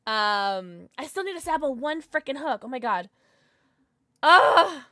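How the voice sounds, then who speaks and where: A woman streaming a game live, chatting with her viewers in a bubbly, excitable way, sometimes mumbling, sometimes shouting. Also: sits high, a little slow, no room sound, clean studio sound. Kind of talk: live gaming stream chat.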